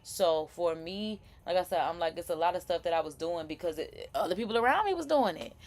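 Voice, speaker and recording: A woman's voice: fairly low pitch, lively intonation, fairly quick. A young woman hosting a casual live chat, chatty and rambling, with laughing asides and many restarts. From Florida. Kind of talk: casual commentary.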